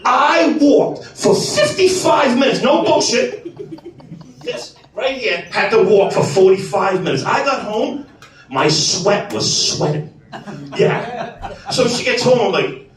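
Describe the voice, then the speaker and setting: A man in his forties doing stand-up on a club stage, his voice pitched high for a man and swinging widely up and down. He talks with profane, animated energy and bursts into shouts. The sound is very echoey and caught from a fair distance. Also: a little slow. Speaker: stand-up comedian. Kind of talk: stand-up set.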